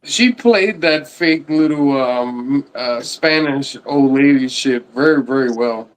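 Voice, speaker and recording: Man, mid pitch, casual panel chat, laid-back, profane, trailing off. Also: slow pace, smooth, poor audio. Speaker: live stream panel co-host.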